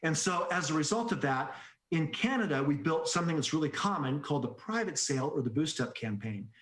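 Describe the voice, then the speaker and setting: A man giving an energetic sales-training presentation, telling stories and asking rhetorical questions. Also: fairly high pitch, a little fast. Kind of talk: conference presentation. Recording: echoey room.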